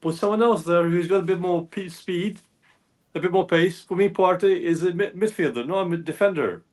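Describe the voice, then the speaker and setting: A man's voice: high voice, a little fast, a little mellow. A man talking as a football fan panelist, earnest and frustrated, rambling through his points. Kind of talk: passionate football fan chat.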